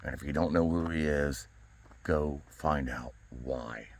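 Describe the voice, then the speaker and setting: A man with an extremely low, deep voice speaks in a personal vlog monologue. He talks earnestly and haltingly, stumbling over repeated words as he goes. He is recorded outdoors. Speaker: vlogger. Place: outdoors by a flagpole.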